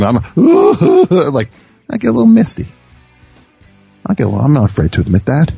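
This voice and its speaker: A male radio host in a rambling comic monologue, mocking himself and restarting his sentences often. His voice sits at an ordinary pitch. The sound is dull and lo-fi, with faint music underneath. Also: creaky, warm tone, husky, no echo.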